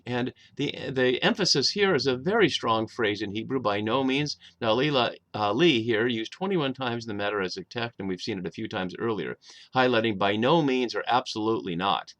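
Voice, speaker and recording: A man's voice: mid-range voice, lively intonation, fairly bright tone, muffled recording. Thoughtful male Bible teacher. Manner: thoughtful, measured explaining with frequent hesitations. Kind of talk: video Bible lesson.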